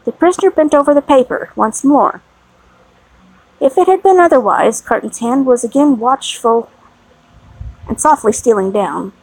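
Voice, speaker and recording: A woman narrating a classic novel in a measured, even reading style with a slightly gravelly voice. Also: sits high, no room sound, rough recording. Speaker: audiobook narrator.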